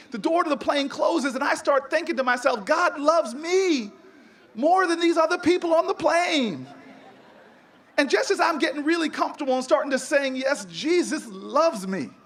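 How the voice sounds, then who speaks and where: A man delivers an inspirational commencement speech in a strikingly high voice. He tells stories with emphasis and sometimes trips over repeated words as he pushes his point. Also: a bit bright. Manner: storytelling, emphatic, with stumbling repeats. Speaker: commencement speaker.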